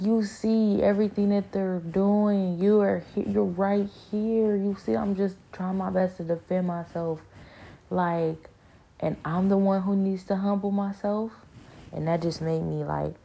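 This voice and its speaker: A woman giving an earnest personal testimony in a halting, casual way, full of restarts and fillers. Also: low-pitched, creaky, dark tone. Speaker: speaker sharing a spiritual experience.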